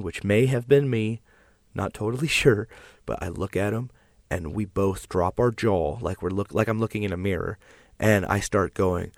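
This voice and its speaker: A man tells a bizarre dream in casual chat, rambling and animated, full of "like" and "um". His voice sits on the low side. The sound is dry and close, with no room around it. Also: no room sound. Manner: rambling, animated storytelling with fillers.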